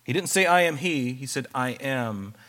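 A man's voice: mid-range voice, expressive, moderate pace, a bit bright. A man preaching a sermon, reading scripture aloud and then explaining it in a conversational way.

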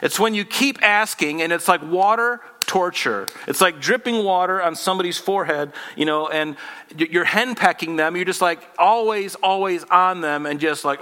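A man's voice: high-pitched, normal speed, bright, forceful tone, long reverb tail. A man in his forties preaching a sermon in a conversational, humorous way, acting out little dialogues. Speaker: pastor.

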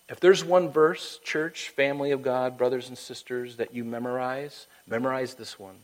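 A pastor preaches a sermon and then leads a prayer, his emphatic delivery swinging between loud urging and hushed, quiet lines, sometimes slipping into a high falsetto to act out voices. His tone is steady, his pace moderate with hardly any pauses, and the audio is poor.

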